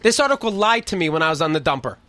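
A man's voice: fairly high pitch, very animated, very fast, sharp tone, no room sound. A man hosting a casual talk show, teasing and rambling with jokes. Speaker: host. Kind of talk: casual chat.

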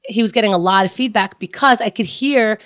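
A woman's voice: medium pitch, brisk, a bit bright, no room sound, clean studio sound. A woman co-hosting a comedy podcast, blunt and opinionated as she tells a story in casual chat. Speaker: podcast co-host.

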